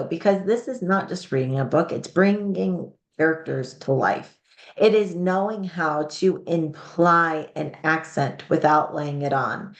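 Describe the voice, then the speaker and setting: Frank, low-voiced woman advice host. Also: reverberant. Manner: frank, upbeat, talks through ideas with restarts. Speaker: host giving publishing advice. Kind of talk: live Q&A advice chat.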